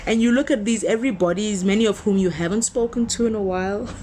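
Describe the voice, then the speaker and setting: A woman's voice: medium pitch, warm tone, slight background noise. Emphatic woman minister preaching. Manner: conversational and emphatic, slowing to stress key words; builds points through repetition. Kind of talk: motivational sermon-style talk.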